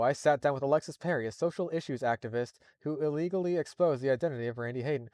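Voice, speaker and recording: A man's voice: mid-range voice, rapid-fire, darkish tone, dry recording, studio quality. A man reading a horror story live, breaking off for exasperated, profane asides. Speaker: streamer reading creepypasta.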